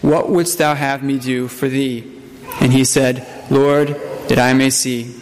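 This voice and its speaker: A man's voice: mid-range voice, fairly even intonation. Man reading scripture in a reverberant church. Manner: measured, solemn reading with small slips and restarts. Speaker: priest. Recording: long church reverb, faint room noise.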